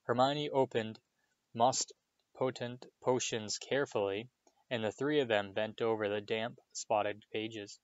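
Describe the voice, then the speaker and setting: A man reading a novel aloud in a steady storytelling manner, giving the characters voices. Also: lowish voice, a little slow, no room sound, dull audio. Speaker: reader.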